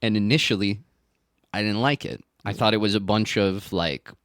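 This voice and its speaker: A man's voice: on the low side, moderate pace, no echo, studio quality. A man appearing as a podcast guest, giving an earnest, thought-through opinion on a TV episode in casual chat. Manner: earnest, thinks aloud, lively delivery.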